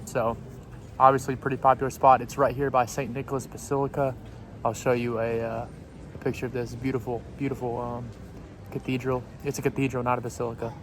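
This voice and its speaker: A man's voice: medium pitch, level tone, fairly quick. A man vlogging casually to camera as he walks city streets, chatty and hesitant, with lots of ums and self-corrections. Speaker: travel vlogger. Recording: faint outdoor street noise. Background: faint street and traffic noise.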